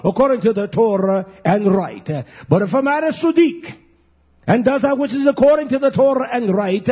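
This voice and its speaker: Male preacher, husky, high and animated, call-and-response sermon, muffled lo-fi sound. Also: normal speed.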